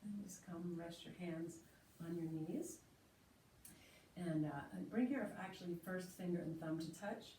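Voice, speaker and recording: A woman teaching yoga, slowly and gently cueing breath and movement. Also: on the low side. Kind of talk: guided yoga instruction. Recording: roomy echo, voice from a distance, faint hiss.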